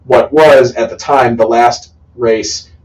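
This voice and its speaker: A man's voice: medium pitch, steady tone, slow, darkish tone, distant mic, low-quality recording. A man co-hosting casual sports talk, jumping in with jokes and racing trivia, often laughing and interrupting. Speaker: co-host.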